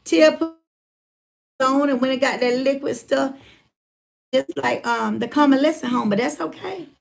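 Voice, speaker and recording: A motivational speaker telling a personal story in a casual, folksy way, retelling conversations and calling listeners by name, still getting over a chest cold. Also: female voice, high-pitched, moderate pace, vocal fry. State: recovering from chest cold, congested breathing. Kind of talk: casual testimony talk.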